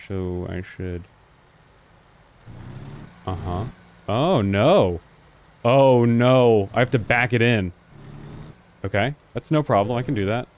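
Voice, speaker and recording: A young man giving casual gameplay commentary, talking to the other drivers and swearing now and then. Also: on the low side. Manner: animated, talks to other drivers, frequent exclamations and swearing. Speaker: gaming video host.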